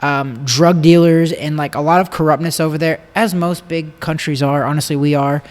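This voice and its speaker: A man's voice: fairly high pitch, fairly even intonation, normal speed, big-room sound. A man co-hosting a casual boxing podcast, talking at length and explaining the details. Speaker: podcast co-host, boxing analyst. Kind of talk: casual chat.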